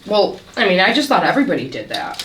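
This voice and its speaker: A woman's voice: medium pitch, fast talker. A woman chatting casually while she eats, telling a story and acting out the voices in it. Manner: lively storyteller, acts out dialogue. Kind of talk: casual chat while eating. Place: home kitchen at a meal. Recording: echoey room from a distance, background noise.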